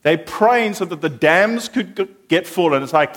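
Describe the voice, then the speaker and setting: A man preaches with animated energy, swinging from excited storytelling down to a hushed, earnest tone. He speaks directly to his congregation. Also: high voice, normal speed, hardly any pauses. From South Africa. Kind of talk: sermon.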